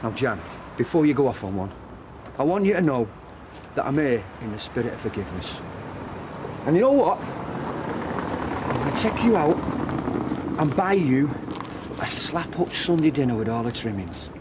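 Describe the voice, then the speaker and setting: A man's voice: medium pitch, big pitch swings, normal speed, long pauses, background noise, lightly acted. An actor playing a cocky man coaxing his wife to take him back.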